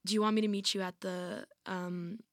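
Her voice is medium in pitch with a level tone, moving at a moderate pace. The young woman, once a college athlete, relates her personal story in an interview casually, peppered with "like" and restarts, in clean studio sound with no room sound.

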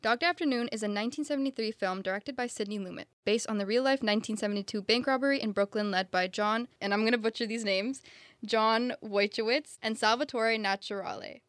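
A woman's voice: on the high side, quick pace, fairly bright tone, no echo. Young woman hosting a movie podcast, upbeat and chatty, dry close sound. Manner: enthusiastic, leads the discussion. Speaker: podcast host. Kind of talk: casual film review chat.

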